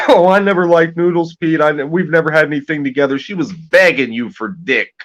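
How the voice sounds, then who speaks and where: A man's voice: fairly high pitch, a little fast, fairly bright tone, dull audio. A man chatting on a livestream, telling crude stories in a rambling, casual way. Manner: rambling, crude, drops into quoted voices. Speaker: livestream co-host.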